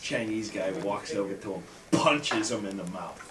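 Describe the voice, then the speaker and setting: A man casually telling jokes at a family holiday gathering, sliding into low, deadpan narration, caught on a distant home camera mic. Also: normal speed. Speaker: family joke teller. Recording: roomy, distant, table chatter.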